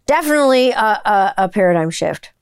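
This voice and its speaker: A woman's voice: medium pitch, lively intonation, brisk, clear, resonant tone, dry recording, clean studio sound. A woman in her forties, chatting casually as a podcast host, rambling through stories and swearing freely. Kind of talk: casual chat.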